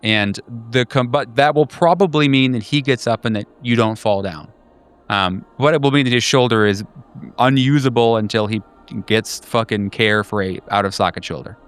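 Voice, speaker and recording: A man's voice: normal speed, clean tone. A man narrating as game master of a tabletop horror game, hesitant and full of fillers. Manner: hesitant, many fillers and restarts, lively pitch.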